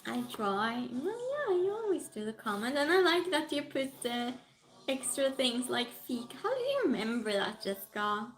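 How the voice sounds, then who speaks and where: A woman's voice: on the high side, very animated, normal speed, low-quality recording. A woman hosting a casual livestream, chatting and giggling as she greets viewers and reads their comments aloud. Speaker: livestream host. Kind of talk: casual stream chat, reading out viewer comments.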